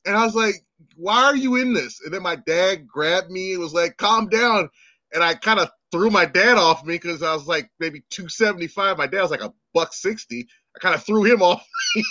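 A man in his thirties co-hosting a casual chat, an animated storyteller who swears and acts out quotes. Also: sits high, brisk, no room sound, highs cut off.

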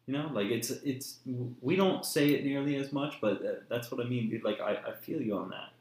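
A man's voice: mid-range voice, a little fast, darkish tone. A young man telling a personal story in blunt, profane casual chat. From New Jersey. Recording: echoey room, faint noise.

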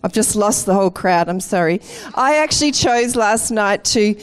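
A middle-aged woman, a campus pastor giving a lively, playful welcome and sermon in church. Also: medium pitch, moderate pace, clear, resonant tone. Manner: chatty and playful, laughing at herself. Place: church auditorium.

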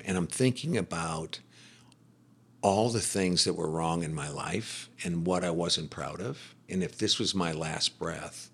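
Middle-aged guy on a podcast, deep husky voice, animated storyteller. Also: a little slow. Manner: animated storyteller, acts out quoted speech. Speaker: podcast guest. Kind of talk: personal faith testimony in casual conversation.

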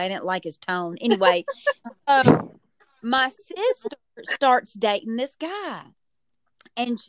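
A woman hosting a podcast, telling a story in a chatty, animated way and stretching words for emphasis. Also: on the high side, no room sound. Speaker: podcast host. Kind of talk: casual storytelling chat.

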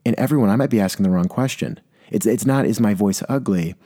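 A man's voice: on the low side, fast, warm tone. A young man hosting a casual solo podcast, rambling and self-deprecating, a little congested from a cold. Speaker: podcast host.

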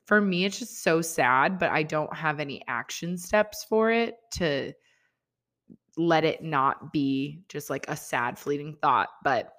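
A woman's voice: deep voice, measured pace, fairly bright tone. A young woman hosting her own podcast, talking casually and rambling along with lots of "like" fillers. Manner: rambling, chatty, full of "like" fillers. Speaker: podcast host. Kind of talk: casual solo podcast chat.

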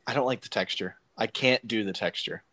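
A man's voice: fairly low pitch, fairly quick, sharp tone. Laughing man telling stories. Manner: laughs through his own stories. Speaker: podcast host. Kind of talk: casual chat.

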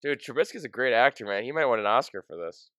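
Young guy cohosting a sports podcast, sniffly sore throat, smooth clear voice, dry close sound. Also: mid-range voice, animated, fast talker, fairly bright tone, no echo. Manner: joking, self-mocking, swears freely. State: getting sick, sore throat. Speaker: podcast co-host. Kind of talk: casual sports podcast banter.

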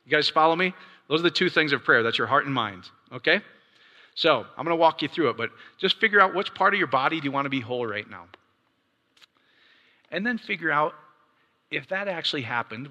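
A man preaching earnestly and leading a guided prayer, calling his listeners "guys" and easing into soft, coaxing tones. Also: on the high side, animated, fast talker. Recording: long hall reverb.

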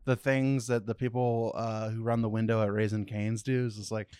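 A man's voice: on the low side, flat delivery, normal speed, mellow, smooth, no room sound. Laid-back man co-hosting a movie podcast. Dry humor, a lot of "like", in a dry, close recording. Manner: laid-back, dry jokes, says "like" often. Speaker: podcast co-host. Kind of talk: casual movie-news chat.

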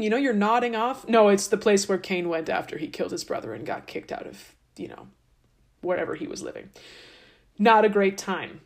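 A woman's voice: mid-range voice, brisk. Chatty, sarcastic woman storyteller. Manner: sarcastic, chatty, playful asides. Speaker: podcast host. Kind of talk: casual irreverent storytelling.

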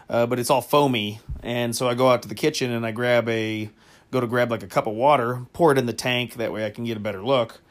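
A man hosting a comedy podcast, telling a crude story casually, with lots of fillers and frequent laughter. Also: mid-range voice. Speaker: podcast host.

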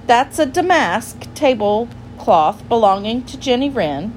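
A bustling little hedgehog washerwoman from a storybook, polite and chatty as she fusses over the laundry, voiced by a woman reading aloud. Her voice sits high and swoops lively up and down. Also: unhurried, slight background noise.

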